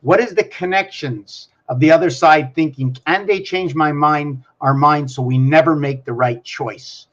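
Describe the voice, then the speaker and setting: A man's voice: on the high side, measured pace, few pauses. Rambling man on a dull lo-fi recording. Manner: wandering, free-associating, talks to himself and camera. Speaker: channel host. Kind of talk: rambling solo vlog musings.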